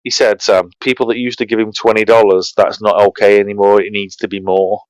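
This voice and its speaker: A man with a very low voice who gossips and keeps repeating names to cut in. The sound is dry and close to the mic. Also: level tone, fairly quick, no echo, low-quality recording. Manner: gossipy, keeps repeating himself to get heard. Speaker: stream panelist. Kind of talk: casual chat.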